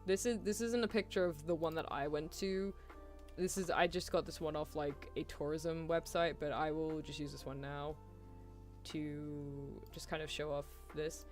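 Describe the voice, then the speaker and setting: A woman's voice: low voice, moderate pace, faint music behind. Chatty British young woman streamer. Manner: chatty and animated, with frequent laughs and apologies. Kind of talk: casual chat.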